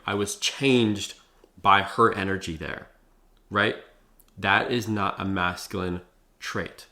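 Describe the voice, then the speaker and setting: A man's voice: lowish voice, steady tone, normal speed, bright, forceful tone. A young man vlogging advice in a loose, profane way, heavy on fillers like "like" and "bro.". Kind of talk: casual talking-head advice.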